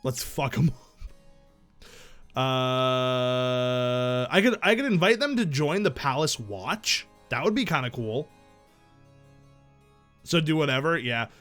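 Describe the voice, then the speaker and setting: A man's voice: mid-range voice, lively intonation, slow pace, pauses often, fairly bright tone, faint music behind. A man streaming a game live, thinking aloud in casual, profane chat.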